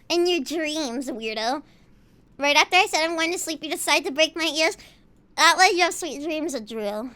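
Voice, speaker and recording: A woman streamer chatting casually with her viewers from a home setup on a desk mic, rambling, teasing and dramatic, swinging between loud and quiet. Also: high voice. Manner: rambling, playful and teasing toward chat. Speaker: VTuber streamer.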